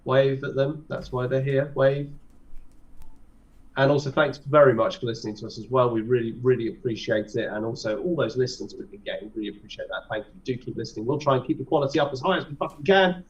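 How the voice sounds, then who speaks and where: A man's voice: medium pitch, steady tone, fast talker. A man hosting a casual podcast chat, swearing freely as he wraps up the show. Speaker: podcast host. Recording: distant, dull mic sound.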